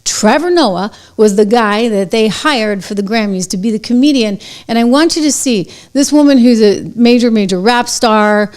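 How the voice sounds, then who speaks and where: A woman's voice: fairly high pitch, darkish tone. Sarcastic woman commentary host. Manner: brisk, sarcastic, conversational. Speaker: show host. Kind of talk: opinionated commentary.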